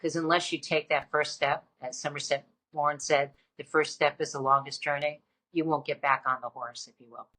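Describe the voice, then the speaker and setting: A middle-aged woman author telling her story in an interview, animated and emphatic, with frequent restarts. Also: sits low, brisk. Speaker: guest author. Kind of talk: conversational interview.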